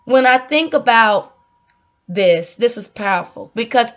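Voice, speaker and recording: Earnest high-voiced woman sharing her story. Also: animated, a little slow, fairly bright tone. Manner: earnest, heartfelt, repeats herself for emphasis. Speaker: vlogger. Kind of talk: emotional personal storytelling. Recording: dull lo-fi audio.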